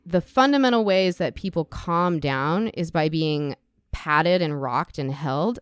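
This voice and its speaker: Brief: frank, heartfelt woman guest, clear resonant voice, dry close sound. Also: low-pitched, expressive, measured pace, no echo. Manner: candid, emotional, gets choked up. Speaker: podcast guest, sex educator. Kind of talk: casual podcast conversation.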